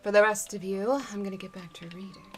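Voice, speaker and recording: A woman streamer reading a book aloud live, with chatty, relaxed asides to her viewers. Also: medium pitch, fast, faint music behind.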